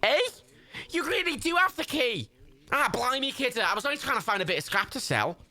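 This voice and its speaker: A man voicing a scrappy middle-aged Scouse scavenger with a Liverpool accent, gruff and chummy. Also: extremely high pitch, animated, a little fast, bright, forceful tone, no room sound, pitched above the performer's own voice, exaggerated voice. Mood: sheepish.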